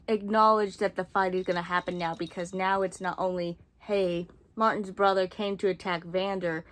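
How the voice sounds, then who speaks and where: A young adult woman reviewing a book series in casual chat, sarcastic and rambling, with frequent swearing and asides. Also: medium pitch.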